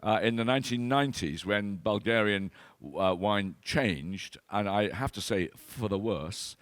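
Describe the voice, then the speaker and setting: An older British man gives an enthusiastic, anecdotal talk as a wine expert, telling stories animatedly and acting out voices. His voice is lowish, clear, and resonant, a little slow, with no echo.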